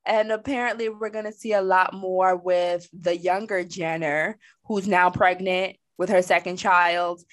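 A woman co-hosting a casual entertainment chat show, sassy and animated with colloquial talk. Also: lowish voice, unhurried, few pauses, no echo. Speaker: co-host.

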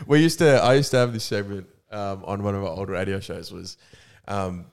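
A man, co-hosting a casual chat show. His voice sits a little low, and he laughs often through his storytelling. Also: fairly quick. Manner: laughs often while telling stories. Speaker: podcast co-host.

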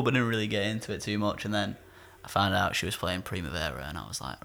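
Gravelly man chatting casually. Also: on the low side, fast, hardly any pauses, bright, forceful tone. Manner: rambling, full of fillers and "like". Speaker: podcast co-host; musician. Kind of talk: casual chat.

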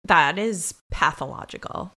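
A woman's voice: lowish voice, sharp tone. A young woman co-hosting a podcast, chatting casually and tossing out sarcastic quips. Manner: quick-witted, sarcastic quips. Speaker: podcast co-host. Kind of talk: casual chat recapping reality TV.

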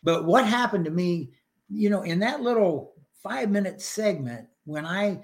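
A man's voice: high-pitched, animated, normal speed, gravelly. An older man sharing his personal faith story in a podcast interview, earnest and emotional, acting out his prayers.

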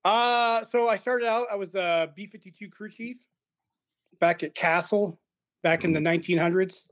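A man's voice: sits high, normal speed, a bit bright. A middle-aged man telling stories as a podcast guest, chuckling often and acting out what others said. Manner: chuckling, acts out quoted dialogue. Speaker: podcast guest, retired aircrew. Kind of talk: casual storytelling chat.

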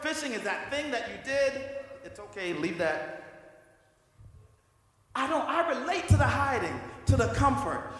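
A man's voice: extremely high pitch, fairly bright tone. A man preaching a sermon in a conversational way, acting out scripture characters in casual slang. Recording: echoey hall with long reverb.

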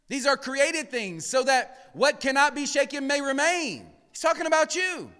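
A male pastor preaching a sermon in a church. He drops to hushed murmurs, then rises to shouted emphasis, and calls on the congregation to answer back. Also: extremely high pitch, animated, normal speed, in a large hall. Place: church sanctuary.

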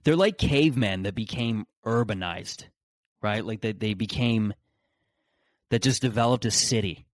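A man's voice: on the low side, a little slow, no echo, clean studio sound. A man hosting a podcast in a casual solo monologue, rambling and sarcastic, with frequent restarts. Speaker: podcast host.

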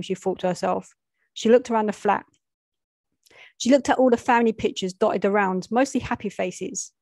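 A woman reading a gritty street story aloud in a plain, steady voice, slipping in street slang. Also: mid-range voice, moderate pace, gravelly, no room sound. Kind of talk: reading a gritty first-person-style short story aloud.

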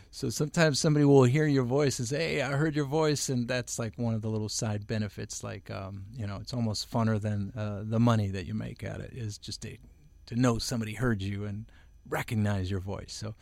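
A man's voice: lowish voice, fairly even intonation, a little fast, vocal fry, darkish tone, dry recording. A middle-aged man, a voice-over artist, chatting as an interview guest at home, rambling with lots of fillers and restarts. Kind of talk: casual interview chat.

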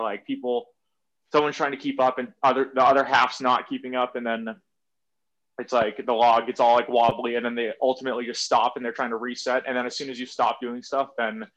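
Podcast guest, man, mid-pitch, easygoing rambling storyteller, swears casually, a bit muffled audio. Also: a bit bright. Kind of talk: casual conversation.

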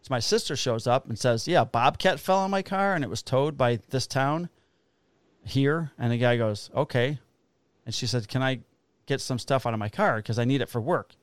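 A man who works as a police officer co-hosts a podcast and spins a long, profane story in casual chat. His voice sits at an ordinary middle pitch. It is recorded dry, with no room sound around it. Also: moderate pace, clear, resonant tone, no echo. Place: Illinois.

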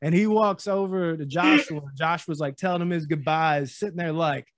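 A man excitedly retelling a movie scene in casual, profane podcast chat. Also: on the high side, moderate pace, dry recording, studio quality. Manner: animated, profane storyteller. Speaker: podcast co-host.

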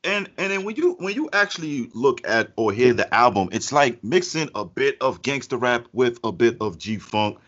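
A man co-hosting a casual music podcast chat, talking in an animated, rambling way with restarts. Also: medium pitch, moderate pace, few pauses. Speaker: podcast co-host. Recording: muffled lo-fi audio.

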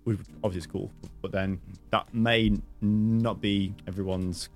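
A man's voice: on the low side, level tone, moderate pace, soft background music. A man hosting a podcast in casual chat, rambling with lots of fillers and teasing his guest. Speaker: podcast host.

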